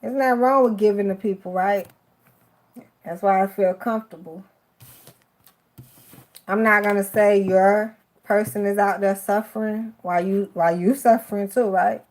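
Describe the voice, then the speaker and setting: A woman's voice: medium pitch, fairly even intonation, normal speed, pauses often, a little mellow. Emotional woman tarot reader. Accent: Miami. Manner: affectionate, emotional, swears casually. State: teary-eyed. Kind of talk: live tarot reading.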